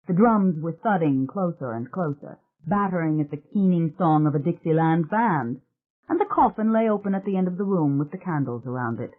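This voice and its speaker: A narrator giving a steady, dramatic reading of a suspense audiobook. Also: medium pitch, normal speed. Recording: tinny phone-like sound.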